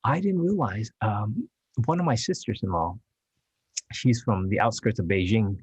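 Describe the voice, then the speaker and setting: A man who is an actor, speaking English as a later language, chatting as a podcast guest in a rambling, halting way with frequent laughs. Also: fairly low pitch, animated, slightly rough, dry recording, dull audio. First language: Chinese dialect. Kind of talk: casual interview chat.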